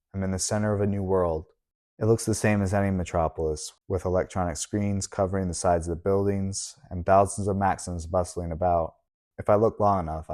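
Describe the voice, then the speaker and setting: A man giving a steady, measured audiobook narration in the first person. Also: low voice.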